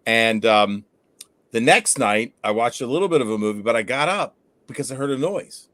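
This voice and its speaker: A man hosting a casual fishing livestream, telling stories with lively energy and casual swearing. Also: medium pitch, moderate pace, no echo. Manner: animated storyteller, swears casually. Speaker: fishing show host.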